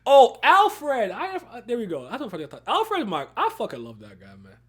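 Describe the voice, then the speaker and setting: Animated young man hosting a chat. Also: high voice, fast, slightly rough. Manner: animated, laughing, swearing slang. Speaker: podcast host. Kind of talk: casual movie review chat.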